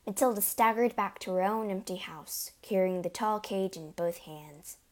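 A woman narrating a children's storybook in an expressive, animated reading. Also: medium pitch, moderate pace. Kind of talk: audiobook storytelling.

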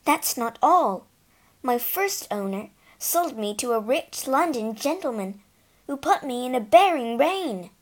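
A woman's voice: high voice, expressive, unhurried. A woman voicing a bitter, hurt young mare in a storybook, speaking in a sullen, resentful way. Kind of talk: storybook reading.

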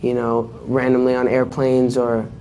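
A man being interviewed casually, talking in a relaxed, halting way with lots of fillers. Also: mid-range voice, slight background noise. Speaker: interview guest.

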